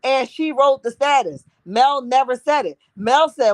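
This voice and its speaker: A woman hosts a casual gossip live-stream, sassy and talkative. Her voice sits high. It is recorded dry and close, with no room sound. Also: unhurried, few pauses, no room sound. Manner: sassy, calls viewers honey and boo.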